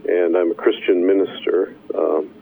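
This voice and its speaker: Deep-voiced man on a phone line. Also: level tone, vocal fry, breathy edge. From Wisconsin. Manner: measured, hesitant with many fillers. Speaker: guest, professor and minister. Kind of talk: radio interview answers. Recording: phone-line radio call.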